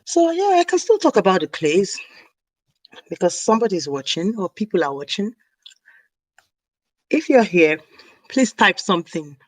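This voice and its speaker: A woman's voice: fairly low pitch, very animated, normal speed, pauses often, no room sound, low-quality recording. A woman chatting casually on a live stream, rambling and snacking as she talks. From Nigeria (South South). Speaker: hair care vlogger. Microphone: camera mic on a live stream.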